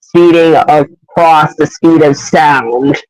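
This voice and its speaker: Man putting on a high-pitched hedgehog queen. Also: steady tone, takes it slowly, darkish tone, a little hiss or hum, low-quality recording. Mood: explaining. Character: regal mother hedgehog queen, gracious.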